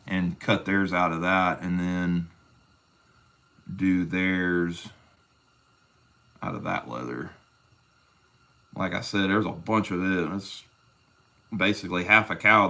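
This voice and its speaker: Guy, lowish voice, rambling folksy livestream chat while he does leather work, calls everybody brother. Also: pushed and bright.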